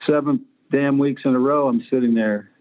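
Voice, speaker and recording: A man's voice: medium pitch, fairly even intonation, normal speed. A man in his sixties, a guest on an interview show, telling stories in a blunt, profane way. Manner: blunt, profane anecdotes with acted-out quotes. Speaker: guest, former pro quarterback. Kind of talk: storytelling interview. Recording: phone-like line.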